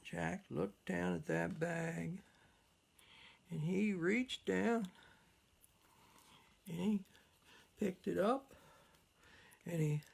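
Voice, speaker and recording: Slow, creaky-voiced woman storyteller. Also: fairly low pitch, a little mellow. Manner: repetitive, drawling rhythmic telling. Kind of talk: folktale storytelling.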